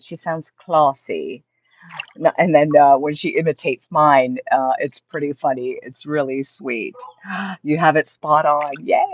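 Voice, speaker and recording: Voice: mid-range voice, dry recording. An upbeat host of a motivational live stream at home, reading viewer comments aloud and answering them. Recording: slightly dull lo-fi stream audio.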